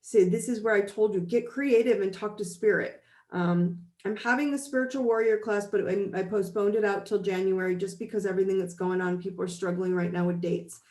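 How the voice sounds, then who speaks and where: A woman's voice: medium pitch, fairly even intonation, brisk, hardly any pauses, darkish tone, roomy sound. A middle-aged woman life coach giving a blunt, emphatic motivational talk on a live stream.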